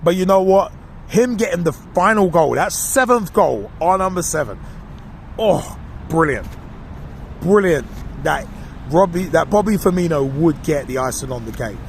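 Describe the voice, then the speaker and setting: A man on a podcast talks football in a casual, gleeful rant, mocking and animated. His voice sits a little high for a man. Faint traffic noise hums behind him. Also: normal speed, gravelly. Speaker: podcast co-host. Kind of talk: casual football opinion monologue.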